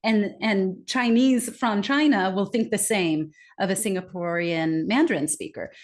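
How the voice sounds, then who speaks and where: A middle-aged woman speaking as a guest in a podcast interview, explaining at length and lively, acting out quoted remarks. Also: medium pitch, unhurried.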